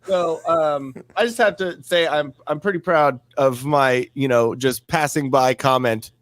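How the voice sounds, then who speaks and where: A man's voice: fairly high pitch, unhurried, fairly bright tone, dry recording. A man hosting a podcast, talking in a brash, crude and mocking casual way. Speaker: podcast host. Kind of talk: casual chat.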